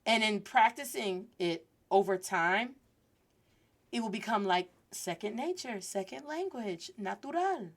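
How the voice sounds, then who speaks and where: A woman in her thirties hosting a casual podcast lesson, chatty and lively, switching into Spanish phrases as she teaches. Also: mid-range voice, a little slow.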